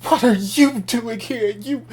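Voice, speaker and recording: A man's voice: takes it slowly, a little mellow, husky, full character voice. A man putting on the voice of a theatrical, flamboyant rich father in the style of a melodramatic telenovela. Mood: outraged. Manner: shrill, gasping, telenovela melodrama.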